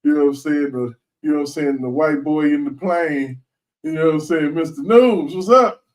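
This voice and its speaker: A man hosting a casual commentary show, talking in an animated, slangy way and laughing often. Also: fairly high pitch, moderate pace, distant mic, poor audio. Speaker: host.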